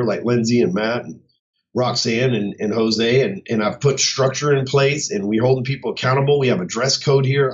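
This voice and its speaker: Blunt, swearing man talking casually. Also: medium pitch. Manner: blunt, profane, swaggering. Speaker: host of his own show. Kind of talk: casual unscripted monologue. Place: his office. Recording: dull muffled sound.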